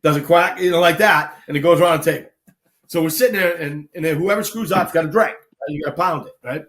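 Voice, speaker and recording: Middle-aged man, slightly high voice, animated storyteller, plays the people he quotes. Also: fast talker. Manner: animated anecdotes, acts out quoted people, laughs often. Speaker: guest storyteller, army veteran. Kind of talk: casual storytelling on a live show.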